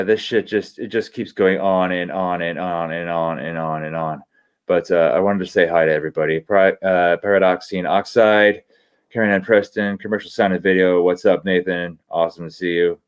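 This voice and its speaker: A man hosting a livestream, swearing constantly as he rants excitedly and reads out viewer shout-outs. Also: low voice. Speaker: livestream host. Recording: dull lo-fi stream audio.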